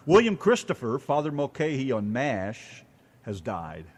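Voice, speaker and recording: American guy cohosting a radio show, kinda husky, voice jumps all over, likes to tease. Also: mid-range voice, very animated, slow pace. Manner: joking, teasing. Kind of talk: casual radio chat.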